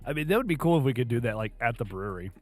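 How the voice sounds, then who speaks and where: Man, podcast co-host, casual banter, animated voice, laughs a lot. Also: medium pitch, rapid-fire. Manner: joking, rambling, laughs often.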